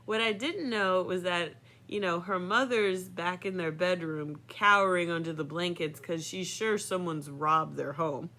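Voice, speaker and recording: A woman's voice: lowish voice, measured pace, few pauses, sharp tone. A woman in her thirties telling a personal story in a chatty way, full of fillers, often laughing. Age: 30s.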